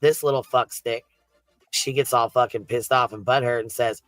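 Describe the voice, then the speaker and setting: A man's voice: medium pitch, steady tone, normal speed, fairly bright tone, dry recording, rough recording. A man streaming live, talking casually, swearing constantly and laughing through his words.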